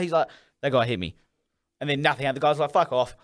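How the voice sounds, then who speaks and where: A man co-hosting a loose, casual podcast, running through a story with plenty of swearing. His voice sits a little high for a man, and he slips into quick impressions of the people he talks about. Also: fairly even intonation. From Australia. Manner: rambling storytelling with heavy swearing. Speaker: podcast co-host.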